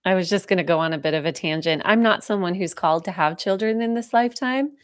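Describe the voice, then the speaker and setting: A woman giving a live spiritual talk, speaking softly and slowly with heartfelt pauses as she answers viewer questions, moved close to tears. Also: fairly low pitch, clean tone. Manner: soft, heartfelt, slow and reflective with pauses.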